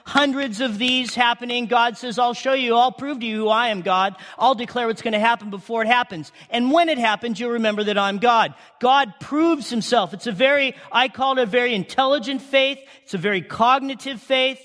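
A man preaching a sermon, animated, with rhetorical questions, sudden shouts and hushed asides. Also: very high voice, fairly quick, few pauses. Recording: long hall reverb.

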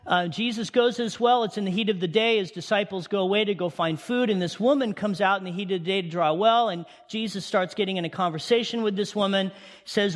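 A man preaching a sermon to his congregation, animated and firing questions at them. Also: high-pitched, a little fast. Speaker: pastor. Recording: long hall reverb.

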